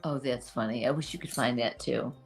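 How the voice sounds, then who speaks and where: A woman's voice: extremely low pitch, fairly quick, slightly rough, faint music behind. A woman guest in a casual live stream chat, giggling and trading crude banter.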